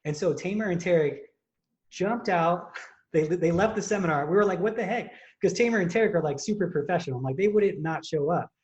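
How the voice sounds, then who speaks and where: Podcast host, male, young adult, fairly high voice, animated and rambling. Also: brisk, highs cut off. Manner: animated storytelling, many fillers and restarts. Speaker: podcast host and contest prep coach. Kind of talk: casual chat.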